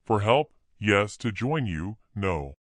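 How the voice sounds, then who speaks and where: A man's voice: lowish voice, very animated, slow, dry recording. A man voicing an earnest, puzzled man in a storybook reading, questioning.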